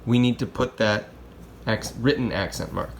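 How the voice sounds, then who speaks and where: A man who teaches Spanish covers grammar in a relaxed, conversational manner, speaking at a normal pace in a mid-range voice. He repeatedly asks "okay?" and "right?" to check in. Faint hissing noise sits under the audio.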